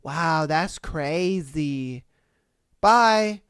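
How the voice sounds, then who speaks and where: A podcast host voicing a self-absorbed, impatient woman customer who talks dismissively in a lower voice. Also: a little slow, no room sound, clean studio sound, close to an everyday voice. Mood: flatly dismissive. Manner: dismissive, flat.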